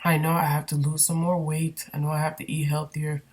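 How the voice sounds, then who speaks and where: A woman's voice: sits low, little pitch movement, fairly quick, a little mellow, husky. A woman candidly venting in a personal vlog, rambling and emotional with many fillers, recorded on a built-in computer microphone. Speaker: vlogger.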